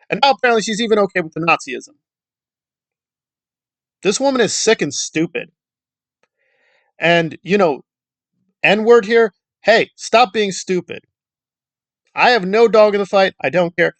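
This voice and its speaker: A man rants to camera in a scornful, insulting tone and hammers the same points again and again. His pitch swings widely as he mocks and scolds. The sound is dry and close, with no room around it. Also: a bit bright, no room sound. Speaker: YouTube commentator. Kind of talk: angry commentary rant.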